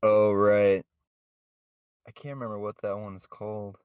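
A man's voice: on the low side, flat delivery, measured pace, clear, resonant tone, dry recording, highs cut off. A man hosting a casual podcast chat, rambling with many fillers and chuckling often. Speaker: podcast host.

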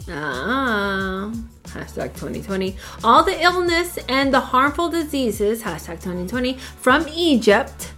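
A woman from El Paso, Texas, gives a scripture lesson in a fairly high voice. She is emphatic and preachy and keeps asking rhetorical questions. Soft music plays faintly behind her. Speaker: Torah teacher.

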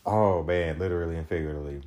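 A man's voice: low-pitched, steady tone, racing, dark tone. A man hosting a podcast, telling a story in a casual solo monologue, loose and profane, with many restarts. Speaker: podcast host.

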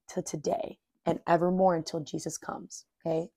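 Earnest, mellow-voiced woman podcaster. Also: lowish voice, expressive, normal speed, creaky, few pauses, dry recording, clean studio sound. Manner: earnest and informal, says "dude" and "like"; reads scripture aloud and repeats verses. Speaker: podcast host. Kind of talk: casual devotional podcast with Bible reading.

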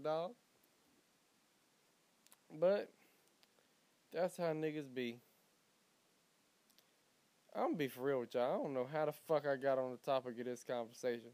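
A young man from Alabama hosting his podcast, rambling in a profane, comedic monologue with loud bursts. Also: on the high side, smooth, no room sound. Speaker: podcast host.

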